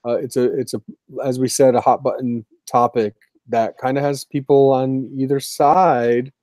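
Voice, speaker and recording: Male podcast co-host, dark mellow voice, dry close sound, teasing casual chat. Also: mid-range voice, fairly even intonation, normal speed, dry recording. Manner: teasing, joking.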